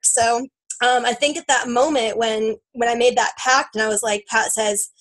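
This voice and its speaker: Speaking at normal speed with a fairly even, somewhat bright, high-leaning voice, a team member recounts her personal story. Her telling is casual and emotional, sometimes tearful, packed with fillers and lines of self-talk she quotes, and the recording quality is low.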